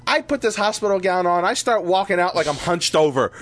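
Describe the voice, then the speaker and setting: Animated joking man hosting a podcast. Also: high-pitched, a little fast. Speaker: podcast host. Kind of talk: casual chat.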